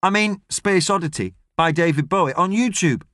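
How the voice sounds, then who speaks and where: A cranky, eager young boy, as an audiobook narrator puts him on, blurting his questions in a high, bouncy voice. The reading is close and dry, with no room around it. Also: moderate pace, no echo. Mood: excited. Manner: blurting, excitable.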